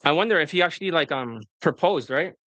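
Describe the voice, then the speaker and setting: A man's voice: a little high, expressive, fast talker, fairly bright tone, no echo. A man working as a dating coach, giving a blunt, profane, rambling video lecture off the cuff.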